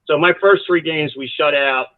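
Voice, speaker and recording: His voice sits on the high side and moves at normal speed as he, a college soccer coach, tells long, digressive stories on a podcast. He's animated throughout; the audio lacks echo yet has a tinny, phone-line sound.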